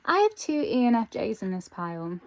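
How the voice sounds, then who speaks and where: A woman giving an intuitive tarot reading, thinking aloud with frequent pauses and ums. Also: fairly high pitch, sing-song, a little mellow. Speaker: tarot reader.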